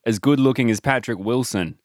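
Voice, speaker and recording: A man improvising in a comedy chat, dry and deadpan. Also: mid-range voice, brisk, no echo.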